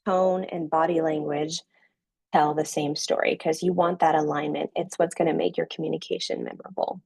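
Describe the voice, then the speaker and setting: Husky woman coaching a virtual class. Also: fairly low pitch, a little mellow, no echo, low-quality recording. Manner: coaching, checks in with "right?". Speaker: online instructor.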